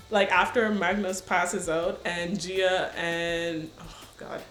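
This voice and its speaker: A woman's voice: mid-range voice, roomy sound. A woman casually chatting about a book she read, with slangy asides and frequent laughter. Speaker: book reviewer reading aloud.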